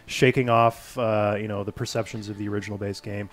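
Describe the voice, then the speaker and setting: A man's voice: on the low side, flat delivery, fairly quick. Joking man hosting a gaming stream. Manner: joking, teasing, playful. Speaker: livestream host. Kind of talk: casual gaming livestream chat.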